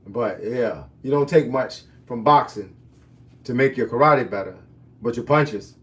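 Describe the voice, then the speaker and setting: A man's voice: mid-range voice, lively intonation, unhurried, far from the mic. A man in his fifties, a fitness and boxing coach, answering viewers' questions on a live stream in casual, folksy slang. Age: 50s.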